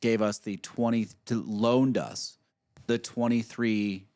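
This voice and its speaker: A man with a lowish voice hosts a casual podcast from his cigar shop. He talks easygoing and loose, letting sentences trail off before picking them back up, speaking into a studio mic. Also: fairly even intonation, takes it slowly, a little mellow. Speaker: podcast host and shop owner. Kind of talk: casual chat. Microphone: podcast mic with headphones.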